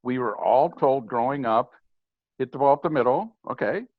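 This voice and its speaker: A man's voice: mid-range voice, animated, normal speed, no room sound. Older male guest, emphatic and matter-of-fact, dry slightly muffled recording. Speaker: guest, former ballplayer and hitting coach. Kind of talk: casual podcast conversation. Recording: slightly dull, lo-fi sound.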